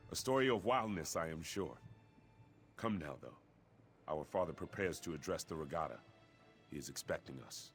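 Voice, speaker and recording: A man's voice: rumbling low, expressive, normal speed, pauses often. An actor playing an earnest young warrior prince who speaks formally and urgently to his brother in a video game. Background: game music.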